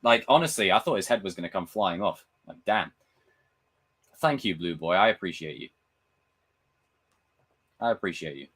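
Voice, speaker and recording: A young man chatting casually on his live stream, reading viewer comments, swearing freely and acting out film scenes with loud impressions. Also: low-pitched, moderate pace, long pauses, breathy edge. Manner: animated, swearing, reads and answers chat comments. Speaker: livestream host.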